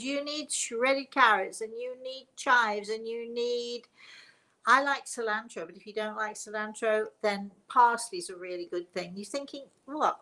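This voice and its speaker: An older woman, a spiritual medium, author and host, chats casually on a live stream in a slightly high, fairly bright voice picked up by a computer mic with rough sound quality. Her stories ramble, circle back on themselves, and are punctuated by frequent, easy laughter.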